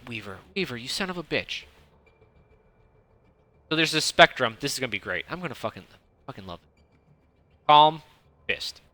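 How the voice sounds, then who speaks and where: A man, a streamer casually coaching a viewer in a blunt, profane, rambling way with a fairly monotone delivery. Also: on the high side, no echo. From United States (Detroit). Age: 30s. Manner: self-described monotone delivery.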